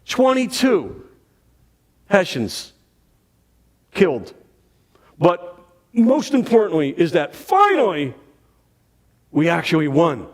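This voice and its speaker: A man giving a dramatic, animated storytelling talk on history to an audience. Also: fairly high pitch, takes it slowly, long pauses. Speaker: history speaker.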